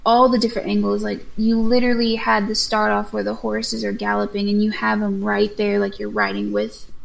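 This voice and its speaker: Young woman with a creaky voice. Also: mid-range voice, flat delivery, a little fast, rough recording. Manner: rambling, full of likes and ums. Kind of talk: casual chat.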